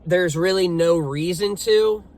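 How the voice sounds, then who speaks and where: A man's voice: high voice, unhurried. A young man casually telling his own story, swearing often and speaking with heavy emphasis. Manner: profane, emphatic, animated retelling.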